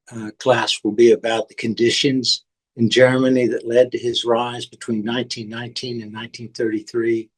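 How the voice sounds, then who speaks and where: A man's voice: mid-range voice, rough recording. Earnest man outlining his course. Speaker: course instructor. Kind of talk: class preview talk. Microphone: video call.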